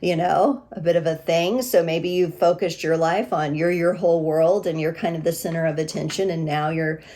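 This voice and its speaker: A woman giving a gentle, reassuring tarot reading, speaking with pauses and restarts. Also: sits low, fairly even intonation. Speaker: tarot reader.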